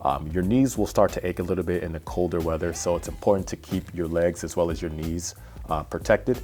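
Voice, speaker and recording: A man's voice: sits low, brisk, a little mellow, soft background music. A man hosting a cycling vlog, chatting through a casual gear review in a rambling, self-deprecating way with plenty of fillers. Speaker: cycling vlogger.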